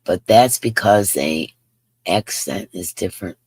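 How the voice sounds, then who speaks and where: In a recording with no room sound, a crochet livestream host in her fifties talks in a bass voice that is expressive, husky and a little mellow. She keeps a measured pace while chatting in a rambling way and reading viewer comments out loud.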